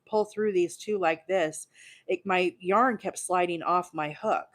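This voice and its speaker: Excitable chatty woman in her forties. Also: lowish voice. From Alabama. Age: 40s. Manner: bubbly, excitable, chatty with viewers. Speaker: crochet livestream host. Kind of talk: casual live crochet demo chat.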